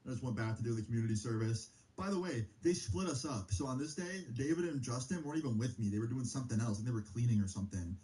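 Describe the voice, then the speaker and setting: This young streamer spins a story quickly with few pauses, his mellow voice full of lively intonation that leaps up on exclamations. The style is loose, profane, and casual, heavy with fillers, over poor audio.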